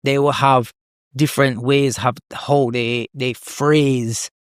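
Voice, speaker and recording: A young man with a Jamaican accent, a comedian chatting as a podcast guest, lively and quick to laugh, often repeating words as he thinks. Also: medium pitch, smooth, no echo, clean studio sound. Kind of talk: casual interview chat.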